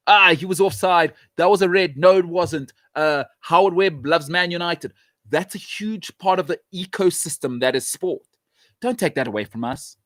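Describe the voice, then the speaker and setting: A man hosting a show, giving an emphatic, opinionated monologue with rhetorical questions, frequent restarts and sudden rises in pitch when he makes a point. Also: no room sound.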